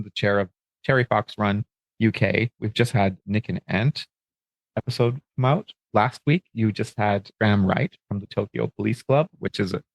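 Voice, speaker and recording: A man hosting a podcast, asking questions in a relaxed, easily amused way. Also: fairly low pitch, no echo. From Canada. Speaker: podcast host. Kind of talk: casual interview chat.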